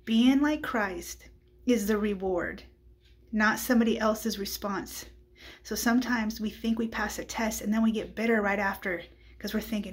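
A woman's voice: medium pitch, fairly even intonation, normal speed, slightly rough. A woman giving a personal Christian testimony in a candid, conversational way, often tossing in "like" and "right?".

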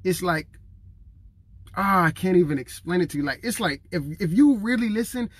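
His voice is high and husky, with lively intonation and a moderate pace, recorded without echo. The thirty-something man preaches to camera in a heartfelt, conversational style, imitating others and struggling not to cry.

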